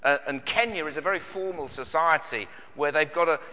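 A man's voice: on the high side, a little fast, bright, forceful tone, in a large hall. A British man preaching a sermon in an earnest way, with many searching questions and frequent repeated words. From Britain. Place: church.

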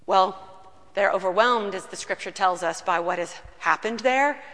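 A woman pastor preaching a sermon in a church, telling the story earnestly and slowing down on key words. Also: mid-range voice, fairly bright tone. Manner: earnest storytelling, slows down for emphasis. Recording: long reverb of a large room.

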